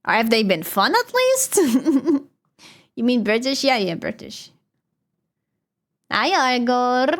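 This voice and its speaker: A young woman speaks English with a Dutch accent in a relaxed livestream chat. Her voice sits a little high, and she rambles, swears casually and laughs between thoughts while reading chat. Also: slow, pauses often. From Netherlands. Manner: chatty and loose, swears, laughs often. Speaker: streamer.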